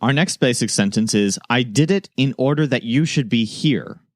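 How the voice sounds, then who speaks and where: A man at an ordinary pitch narrates a scripted lesson in a measured, steady way. He slows down to model example phrases. The sound is dry and close, with no room around him. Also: no echo. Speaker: language teacher.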